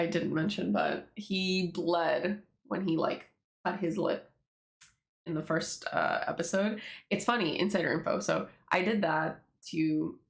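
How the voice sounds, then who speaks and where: With a fairly low voice touched by vocal fry, a woman goes through her own webtoon, offering loose, rambling commentary peppered with swearing and laughter. The recording has an echoey room sound.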